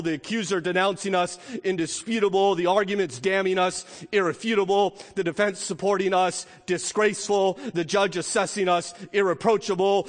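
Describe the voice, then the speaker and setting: Male pastor, middle-aged, high voice, sermon with dramatic rises and soft asides, echoing church hall. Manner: rising to emphatic peaks, then dropping to quiet asides. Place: church sanctuary. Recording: long reverb of a church hall.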